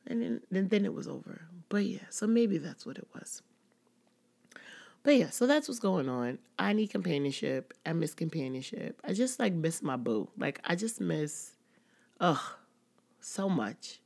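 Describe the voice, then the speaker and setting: A woman's voice: lowish voice, expressive, a little slow, creaky, a little mellow. A woman hosting a casual personal podcast, talking candidly and rambling with many "like"s. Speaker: podcast host.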